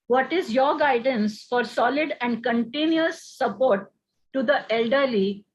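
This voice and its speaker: A woman's voice: sits high, a little slow. A woman moderating a seminar question session, polite and a little hesitant, with many filler sounds. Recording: dull lo-fi sound.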